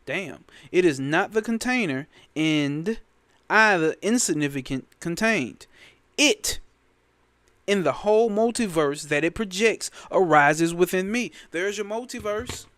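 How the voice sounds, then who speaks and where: A man with a somewhat high voice gives loose, emphatic commentary on a spiritual text. He repeats key phrases and swears freely. The sound is dry, with no room echo. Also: expressive, unhurried, fairly bright tone. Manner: emphatic, repetitive, sprinkled with profanity. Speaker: spiritual teacher. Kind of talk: casual spoken commentary on a scripture.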